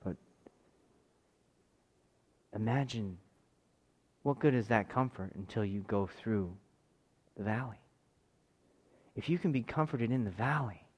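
A man in his thirties preaching a sermon, moving between forceful raised passages and quiet, intimate tones. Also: sits high. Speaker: pastor.

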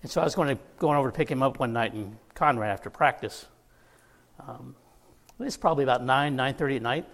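A medium-pitched pastor with vocal fry speaks briskly from a church sanctuary, where the hall's reverb lingers. Laughing through anecdotes, he tells a personal story in his sermon and drops in casual asides.

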